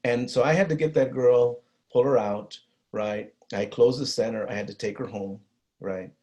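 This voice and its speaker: A man's voice: mid-range voice, a little mellow. Earnest Chicano man telling a story. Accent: Chicano English from East Los Angeles. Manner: earnest, halting, with many restarts and Spanish phrases. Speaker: guest speaker on violence prevention. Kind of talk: personal storytelling in a talk.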